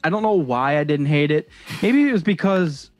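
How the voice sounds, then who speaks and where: A man's voice: fairly high pitch, animated, moderate pace, no echo. A young man talks in a rambling, hesitant, self-deprecating way during a casual podcast chat. His voice is dry and close, with faint music behind it. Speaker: podcast co-host.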